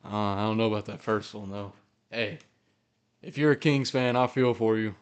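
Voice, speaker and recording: Excitable man reacting live to football. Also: on the low side, normal speed, smooth. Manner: excitable, swears, cheers and groans at plays. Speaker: fan podcast host. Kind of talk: live game reaction commentary. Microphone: podcast mic.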